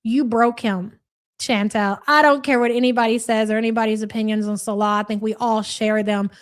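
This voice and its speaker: A woman's voice: a little high, fairly even intonation, a little fast. A woman hosting a live reaction stream, reading chat and ranting in a blunt, profane, mocking way. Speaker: livestream reaction host.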